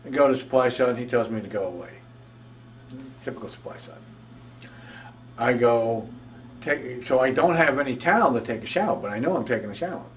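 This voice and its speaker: Older veteran, rambling storyteller, mid-pitched, slightly distant recording. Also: male voice, expressive, a little fast, pauses often, slight background noise. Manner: rambling, conversational, frequent restarts. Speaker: veteran interviewee. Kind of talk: oral history storytelling. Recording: voice from a distance from the mic.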